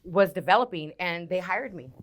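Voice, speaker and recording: This woman in her forties, a radio personality appearing as a guest, speaks at a moderate pace in a lowish voice. In casual interview chat she's a lively storyteller who performs the quotes of the people in her tales.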